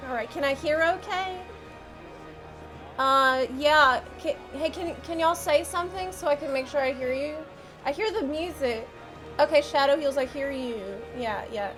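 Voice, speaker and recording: Chatty high-voiced woman streamer. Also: normal speed, over music. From United States. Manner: chatty, rambling, self-interrupting. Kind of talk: casual chat with stream viewers.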